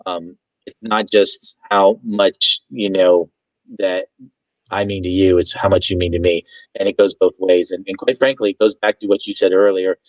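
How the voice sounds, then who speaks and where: A man talking as a guest in a casual online chat, earnest and measured in his manner. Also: low-pitched, level tone, dry recording, poor audio. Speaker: guest, real estate agent.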